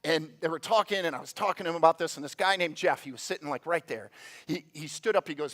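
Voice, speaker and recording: A man preaching a sermon in a church, telling stories with quick asides and playful voices. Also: fairly high pitch, fairly bright tone. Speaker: pastor. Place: church sanctuary.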